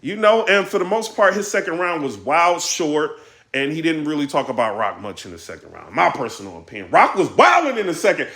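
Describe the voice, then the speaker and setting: Male channel host, somewhat high voice, animated casual commentary with sudden loud bursts. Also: brisk, reverberant. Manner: animated, repeats lines he quotes, sudden loud outbursts. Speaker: battle rap commentator.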